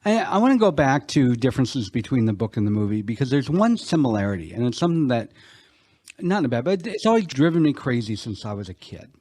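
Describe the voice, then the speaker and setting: A man's voice: medium pitch, very animated, fast talker, a little mellow, dry recording, clean studio sound. Reflective male podcast co-host. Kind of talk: casual film discussion.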